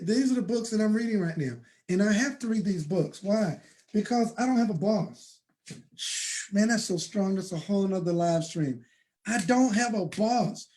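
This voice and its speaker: A man's voice: high-pitched, a little mellow. A man giving an emphatic, preachy motivational talk on a live stream from his home office desk, repeating phrases for effect. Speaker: network marketing promoter.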